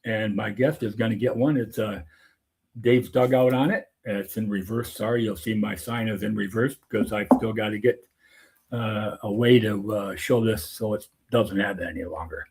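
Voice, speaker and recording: An older man from hosting a softball podcast, chatting in a folksy, rambling way. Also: lowish voice, fairly even intonation, normal speed, creaky, breathy edge. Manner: folksy, rambling with many uh fillers. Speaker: podcast host. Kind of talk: casual chat.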